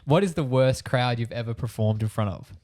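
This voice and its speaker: A man's voice: medium pitch, fairly quick, darkish tone. A man hosting a podcast, asking questions in an easygoing way. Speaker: podcast host. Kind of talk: casual podcast interview.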